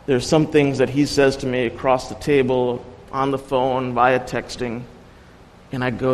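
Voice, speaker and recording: A man's voice: mid-range voice, little pitch movement, a little slow, in a large hall, slight background noise, rough recording. A man giving an earnest sermon as a guest preacher, telling personal stories with light humor.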